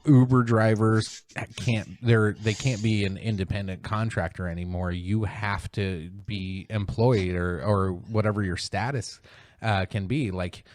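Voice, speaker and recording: A man hosting a casual podcast, rambling and swearing, mocking others in sudden high-pitched voices. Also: darkish tone, no room sound. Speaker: podcast host.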